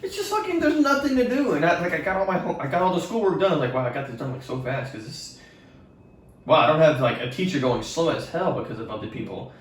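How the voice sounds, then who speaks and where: A man's voice: mid-range voice, fast talker. A young man telling rambling, profane stories in a casual podcast chat. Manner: rambling, profane, animated retelling. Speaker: podcast co-host. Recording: echoey room from far off.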